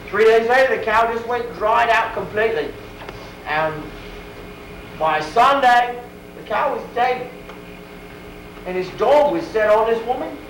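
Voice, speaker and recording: High-voiced man telling medieval tales. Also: a bit bright. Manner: folksy, rambling, speaks in old-timey rustic grammar; talks straight to listeners and asks them questions. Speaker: costumed medieval storyteller. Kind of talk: first-person historical role-play for an audience. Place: school event crowd area. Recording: echoey camcorder sound from far off with faint noise.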